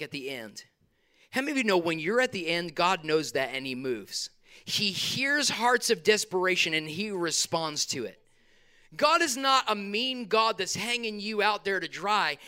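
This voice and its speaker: A male pastor, preaching a sermon in a church hall with animated bursts and quick asides. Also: high voice.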